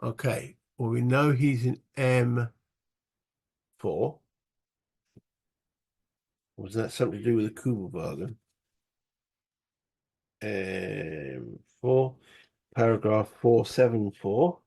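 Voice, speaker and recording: A man's voice: medium pitch, slow, vocal fry, long pauses, a little mellow, breathy edge. A man playing a solo board game, muttering rule passages aloud and thinking through each move. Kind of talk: casual solo wargame playthrough.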